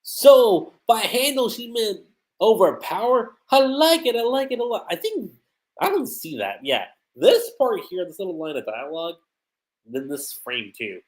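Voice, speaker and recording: A man giving casual livestream commentary on an anime episode, excitable, acting out the characters' lines. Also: high-pitched, a little slow. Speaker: anime reviewer.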